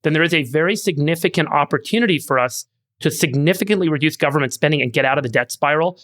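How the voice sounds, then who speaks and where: A man's voice: a little high, fast, fairly bright tone. A man co-hosting a podcast panel, speaking in an earnest, optimistic way. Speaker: podcast co-host. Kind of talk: casual panel chat.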